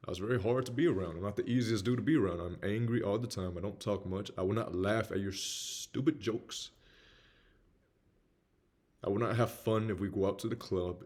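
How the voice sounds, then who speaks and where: This motivational speaker is a young man with a Southern US accent and a low, darkish voice. He speaks about his own life in a blunt, candid, slangy way, sprinkling in "man" often.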